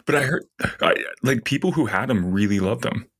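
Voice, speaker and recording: A man's voice: medium pitch, expressive, brisk, a bit bright, husky, no echo. A man co-hosting a podcast, tossing in short dry jokes during casual chat. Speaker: podcast co-host.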